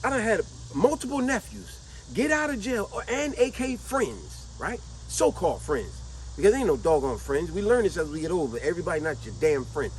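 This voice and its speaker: A woman's voice: lowish voice, big pitch swings, brisk, a little mellow, slight background noise, rough recording. A middle-aged woman giving casual commentary to her vlog audience, emphatic and repetitive, stretching out words to drive her points home. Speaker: vlogger.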